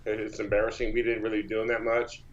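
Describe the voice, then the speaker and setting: A man's voice: on the low side, completely flat delivery, fast, muffled recording. A man from Texas, a powerlifter, telling long casual stories in an interview, with many false starts and repeats. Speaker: powerlifter guest.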